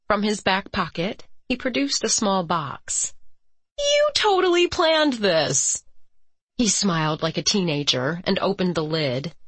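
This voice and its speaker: A woman narrates a romance audiobook in a low-pitched, measured voice. Her reading is even and unhurried. The recording is dry and close with no room sound. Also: slightly rough, no echo. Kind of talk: scripted narration.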